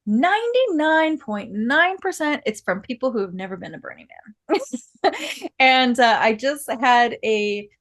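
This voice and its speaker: Chatty woman telling stories, slightly high voice. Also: very animated, measured pace, a bit bright. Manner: chatty storytelling with frequent laughs and restarts. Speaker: guest artist and builder. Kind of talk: casual podcast conversation.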